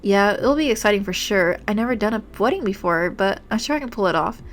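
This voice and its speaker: A woman's voice: medium pitch, lively intonation, fast talker, a little hiss or hum, natural voice. A woman voicing a cheerful young woman photographer from a story game, friendly and upbeat.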